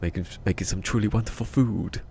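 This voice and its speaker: A man with a low voice doing a put-on Southern American man who talks in an overly formal, stagey way. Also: brisk, vocal fry, a little hiss or hum. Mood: pompous. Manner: exaggerated, loud, stagey.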